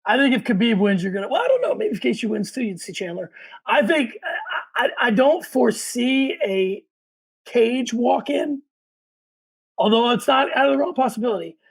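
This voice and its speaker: Male podcast co-host, high and gravelly, opinionated and runs the show. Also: sing-song, normal speed, rough recording. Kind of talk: casual sports chat.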